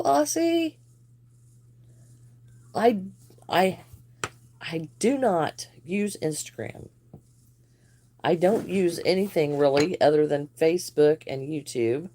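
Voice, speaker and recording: A woman's voice: lowish voice, mellow, a little hiss or hum. A woman hosting a live crochet stream, chatting casually and greeting viewers by name while she works, laughing now and then. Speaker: crochet livestream host.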